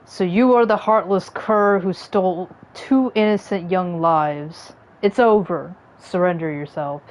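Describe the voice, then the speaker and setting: A woman voicing a stern, dignified old male samurai master from a video game, speaking slowly and solemnly. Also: fairly low pitch, natural voice. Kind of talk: reading game dialogue aloud.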